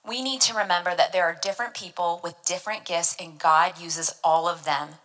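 A woman's voice: fairly low pitch, fairly quick, fairly bright tone, poor audio. A woman giving devotional Bible teaching, earnest and emphatic, explaining verses word by word.

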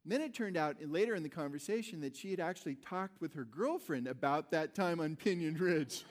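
A man's voice: a little high, moderate pace. A middle-aged man preaching a sermon, telling a personal story in a rambling, conversational way with many restarts. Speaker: pastor.

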